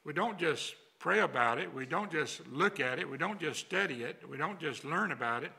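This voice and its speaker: A man's voice: a little high, lively intonation, normal speed, vocal fry, bright, forceful tone, breathy edge. An older man preaching a sermon as pastor, in a folksy, repetitive cadence. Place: church sanctuary.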